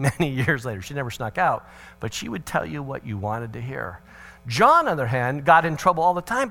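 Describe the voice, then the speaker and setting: A middle-aged man giving a parenting talk, telling a family story with humor and acting out the voices of the people in it. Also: fairly high pitch. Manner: animated, acts out family dialogue with swings of voice; humorous, sarcastic asides. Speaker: parenting seminar speaker.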